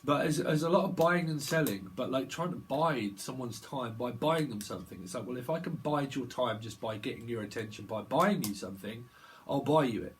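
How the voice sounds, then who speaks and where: A man's voice: medium pitch, animated, a little fast, slight background noise. Chatty man rambling through a tarot reading. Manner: chatty, digressive, laughs often, bursts into quoted voices. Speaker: tarot reader.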